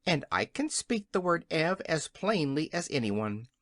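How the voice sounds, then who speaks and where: A proud, shrill storybook hen who bristles with indignation and never backs down, as the audiobook reader voices her. Her voice sits high and swoops about a great deal. The recording is dry and close. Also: big pitch swings, measured pace, a bit bright, no room sound. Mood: determined.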